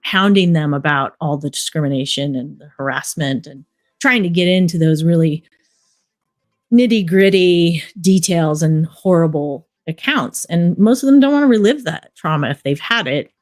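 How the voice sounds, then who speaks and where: A middle-aged woman, a documentary director, telling stories in a relaxed interview, rambling with many fillers. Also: deep voice, normal speed. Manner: rambling storyteller, many fillers like "you know". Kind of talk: casual interview talk.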